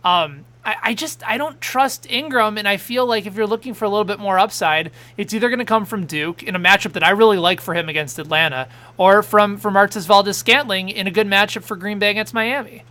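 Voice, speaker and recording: Bright-voiced man hosting a fantasy football show. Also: high-pitched. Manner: excitable, quick back-and-forth, reading out viewer questions. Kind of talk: live fantasy sports talk show.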